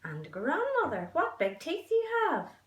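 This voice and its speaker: A woman voicing a sweet, trusting little girl in a high, wide-eyed voice for a storybook reading. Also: huge pitch swings, measured pace, exaggerated voice. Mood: wondering. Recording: roomy echo.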